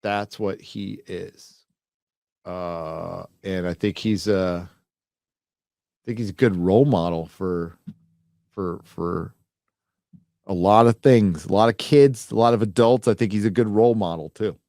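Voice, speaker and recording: Man, fairly low voice, casual livestream host, rambling, profane, dry close sound. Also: measured pace, pauses often, warm tone, dry recording. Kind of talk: casual livestream chat reading donations.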